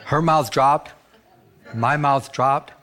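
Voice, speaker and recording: A middle-aged male pastor preaches a sermon, earnestly and animatedly sharing a personal story while often stumbling over the word "I." His voice is medium-pitched, and he speaks slowly.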